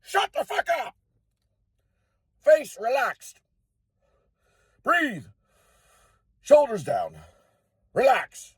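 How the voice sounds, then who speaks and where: A man putting on a high, strained voice as a shouting acting coach in a casual vlog. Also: huge pitch swings, drawn-out words, pauses often, husky, dry recording, clean studio sound, heavily acted. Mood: bossy.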